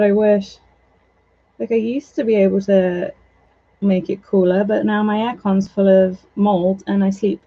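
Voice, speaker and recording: A woman's voice: mid-range voice, muffled recording. A woman chatting in a rambling, self-deprecating way while working on a craft project at home. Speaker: doll maker. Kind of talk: casual vlog chat while crafting.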